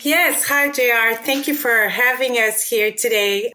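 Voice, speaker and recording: A woman from Brazil with a Brazilian Portuguese accent, a professor speaking as a guest in an interview, polite and measured. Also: on the high side, sharp tone. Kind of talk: podcast interview.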